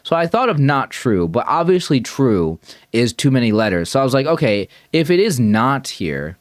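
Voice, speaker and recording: A man with a mid-range, sing-song voice reacts to a puzzle video at a moderate pace, thinking aloud, rambling and correcting himself as he goes. It's casual commentary in clean studio sound with no echo.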